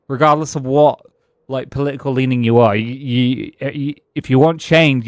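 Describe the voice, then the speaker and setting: A man's voice: medium pitch, fairly even intonation, brisk, clean tone, dry recording. Rambling British man, dry close sound. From Britain. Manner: rambling, musing, chuckles between thoughts, restarts sentences. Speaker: streamer. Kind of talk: casual gaming-stream chat.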